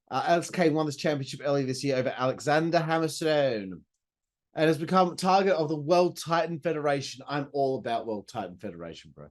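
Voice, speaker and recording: A man talks through a wrestling event as a podcast host, and his voice sits a little high. He is casual and excitable, drops in swear words and throws in side comments. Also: brisk. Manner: chatty and enthusiastic, swears, with asides and laughs.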